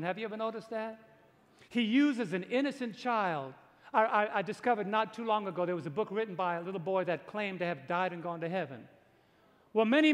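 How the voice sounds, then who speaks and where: A pastor preaching a dramatic sermon to a congregation, slowing down to stress his points. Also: high-pitched, in a large hall. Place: large church before a congregation.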